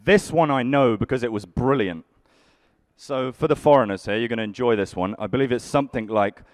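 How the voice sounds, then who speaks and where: A man's voice: medium pitch, brisk, no room sound. A young man doing live stand-up comedy, grumpily bantering with the audience in a dry way. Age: young adult. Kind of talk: live stand-up with crowd work.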